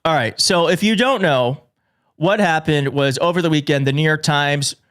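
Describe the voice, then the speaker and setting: A man hosting a live political commentary show, excitable and jokey, often restarting his sentences. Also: fairly high pitch, normal speed. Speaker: show host. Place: studio in a big city.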